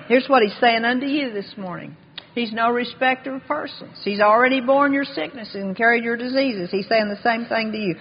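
A woman preaching a sermon with fervor, reading scripture aloud and slowing down to stress key words. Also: a little high, breathy edge. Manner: fervent, slows and rises for emphasis, reads scripture aloud. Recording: dull long-reverb hall.

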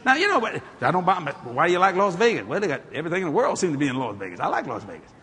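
A male preacher telling stories in a folksy, animated way, building to exclamations before a congregation. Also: fairly high pitch, racing, slight background noise. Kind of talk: storytelling sermon. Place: church hall or auditorium. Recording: echoey hall with a congregation.

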